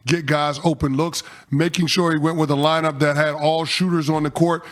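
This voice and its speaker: A middle-aged man on a sports talk show, laying out his analysis point by point in a measured way. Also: fairly high pitch. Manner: measured, walks through stats point by point.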